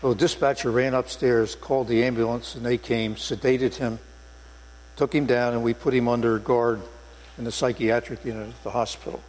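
A man's voice: medium pitch, fairly even intonation, moderate pace, a little mellow. An older man, a former police sergeant, preaching a sermon in a church sanctuary with earnest storytelling and emphatic stresses. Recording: long hall reverb with mains hum.

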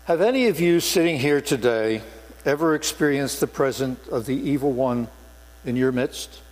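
A man's voice: medium pitch, moderate pace, darkish tone. An older man, a former police sergeant, preaching a sermon in a church sanctuary with earnest storytelling and emphatic stresses. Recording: long hall reverb with mains hum.

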